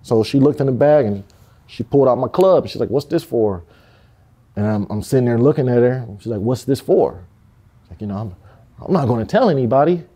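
Man, mellow dark tone, streetwise storyteller who acts out the voices he quotes. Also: medium pitch, lively intonation, brisk, husky. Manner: streetwise, swears, quotes people in their voices. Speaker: interviewee. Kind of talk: candid storytelling interview.

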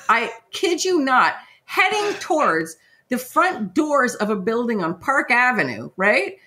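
Animated high-voiced woman storyteller. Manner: animated, laughing, lots of "like" and "right?". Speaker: podcast host. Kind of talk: casual storytelling.

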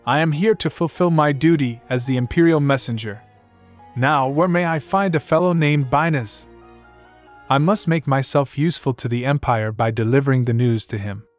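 A man's voice: medium pitch, moderate pace, soft background music, natural voice. A man voicing an aloof, smirking young sorcerer who speaks in a dry, polite, slightly mocking way. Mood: wry.

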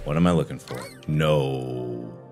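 A young man giving let's play commentary while he rages, swinging from low mutters to loud frustrated yelling. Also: a little slow, music in the background. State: frustrated and raging. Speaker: gaming video creator.

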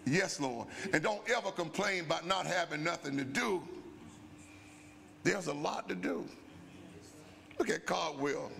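An older man, a bishop and pastor, preaching at a Bible study and telling stories that climb into shouts, in a church sanctuary. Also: on the high side, creaky, slight background noise. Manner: storytelling preacher, rising to shouts. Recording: long church-hall reverb.

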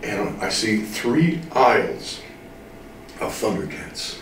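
A man's voice: on the low side, sing-song, a little hiss or hum. An older man from the Midwest, telling stories in an interview and drawling out his words with firm emphasis. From American Midwest. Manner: drawling, slow to get things said, emphatic. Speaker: voice actor interviewee. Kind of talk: casual interview storytelling. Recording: roomy room, distant mic.

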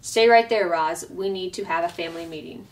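Brisk no-nonsense mother beaver read by a woman, firm storybook voice, far from the mic. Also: fairly low pitch, close to an everyday voice.

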